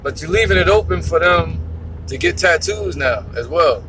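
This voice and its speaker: A man's voice: on the high side, expressive, moderate pace, a bit bright, a little hiss or hum. A man giving a casual, profane, rambling religious talk, teaching as he drives. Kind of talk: casual preaching monologue.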